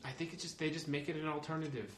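A man co-hosting a casual movie chat, calmly thinking aloud. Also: a little high, racing, roomy sound, slight background noise. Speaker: podcast co-host.

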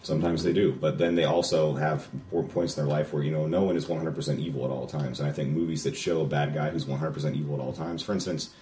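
Very deep-voiced fast-talking man. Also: fairly even intonation, mellow, roomy sound, recorded from a distance. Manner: rambling, restarts often. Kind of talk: casual movie discussion.

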